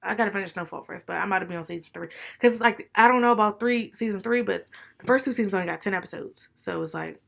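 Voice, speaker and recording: A young woman co-hosting a podcast, talking in a relaxed, chatty way. Her voice sits at a middle pitch. She drifts into slangy side notes and rambling stories. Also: quick pace, gravelly. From DMV area, US. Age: young adult. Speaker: podcast co-host. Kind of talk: casual chat.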